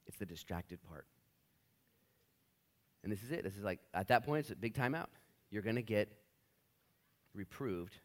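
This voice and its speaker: A man preaching a sermon in a church, animated and joking, acting out short voices. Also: deep voice. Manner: animated, jokey, acts out voices in bursts. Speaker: pastor.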